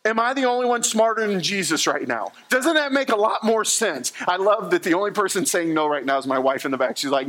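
A middle-aged male pastor delivering a sermon with a fairly high voice. He preaches in an animated, joking way, acting out little quotes as he goes. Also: moderate pace. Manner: humorous, animated storytelling with acted-out quotes.

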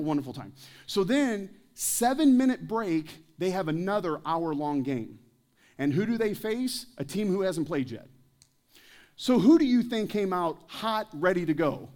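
A man's voice: high voice, a little mellow. A man preaching a sermon at a church service, telling stories with jokes and putting questions to the congregation. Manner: joking, anecdotal storytelling. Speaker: pastor.

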